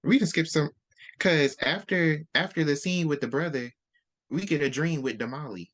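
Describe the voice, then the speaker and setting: A man's voice: on the high side, normal speed, a bit bright. A man in casual chat, animatedly retelling a book's plot and acting out the characters' lines. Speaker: book-swap co-host. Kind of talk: casual book discussion.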